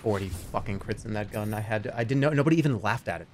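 A man's voice: on the low side, fast talker, a little mellow, a little hiss or hum. A man chatting and laughing casually with friends while playing a game, swearing often. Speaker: streamer. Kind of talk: casual gaming chat.

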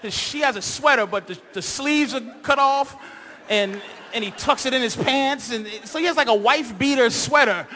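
A man doing a crude, rambling stand-up comedy set on a live stage, shouting his punchlines and acting out voices. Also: extremely high pitch, normal speed, slight background noise.

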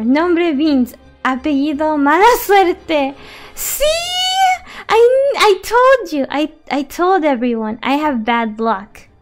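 A young woman commenting on her game live, high-pitched and exasperated, cursing freely and slipping between English and Spanish. Her voice swings widely in pitch while her pace stays unhurried. Faint game music plays behind her. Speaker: streamer.

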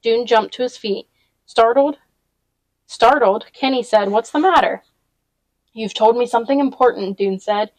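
A woman reading a novel aloud in a relaxed read-along style, with small restarts as she goes. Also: on the high side, measured pace, pauses often, no room sound, low-quality recording.

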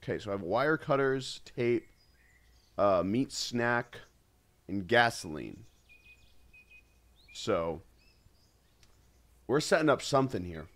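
A man's voice: medium pitch, expressive, slow, long pauses, a bit bright. A man streaming a horror game, giving casual commentary with jittery, nervous exclamations.

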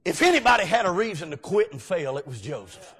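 A man preaching a folksy revival sermon as a guest preacher, often breaking into shouts. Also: sits high, sing-song, fast talker, breathy edge. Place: church sanctuary.

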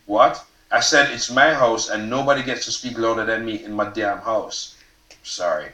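A man, the author, reading aloud from his novel at a live event, expressive and casual, sometimes swearing and laughing at his own lines. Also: fairly low pitch, normal speed. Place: event stage before an audience. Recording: roomy hall, mic from far off.

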